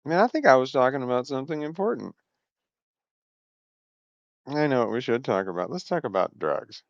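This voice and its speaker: A man's voice: mid-range voice, animated, moderate pace, no echo, dull audio. A man hosting a casual livestream from home, rambling, swearing and interrupting himself, laughing often. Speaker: livestream host. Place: home, indoors.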